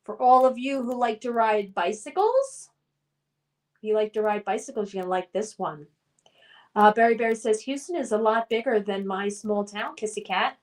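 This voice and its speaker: A woman hosts a casual livestream, reading her viewers' chat messages aloud and answering them. Her voice sits a little high, and she talks in a loose, friendly way. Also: lively intonation, normal speed. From United States. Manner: chatty, reads chat names then responds. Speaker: streamer hosting a trivia game.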